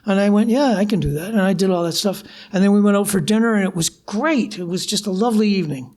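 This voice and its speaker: An older man from Canada, a guest musician, telling lively anecdotes at a live interview and acting out old phone calls. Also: high voice, quick pace. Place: live bar venue with audience.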